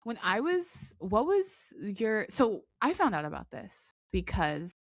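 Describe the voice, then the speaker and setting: A woman podcast co-host talking in a loose, chatty way, piling on fillers and slipping into the voices of the people she describes. Her pitch sits in an ordinary middle range. The recording is close and dry, with no room sound. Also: slow, no room sound. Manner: animated storyteller, acts out quotes, many fillers. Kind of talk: casual chat.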